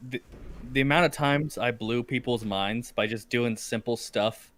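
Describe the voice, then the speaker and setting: A man's voice: mid-range voice, unhurried, fairly bright tone. A young man hosting a podcast, telling crude, profane stories with lots of laughter in casual chat. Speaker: podcast host.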